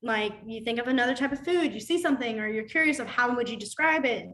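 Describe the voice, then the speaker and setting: A somewhat high-voiced woman leads an informal sign language class. She talks in a loose, chatty way, scattering fillers through her explanations and stories. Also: quick pace. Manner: chatty, filler-heavy, animated storytelling. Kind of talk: casual class teaching.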